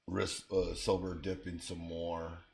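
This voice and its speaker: A man with a deep, low voice hosts a live trading stream. He talks in an easygoing way, thinking out loud about his positions and answering people in the chat as they come in. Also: little pitch movement, slow, vocal fry, slight background noise. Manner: casual, thinks aloud while reading chat. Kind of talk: live-stream market commentary.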